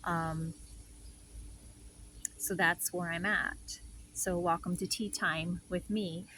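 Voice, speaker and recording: A woman hosting a reflective inspirational talk as a spiritual healer, soft, meandering and heartfelt. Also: fairly low pitch, a little hiss or hum, rough recording.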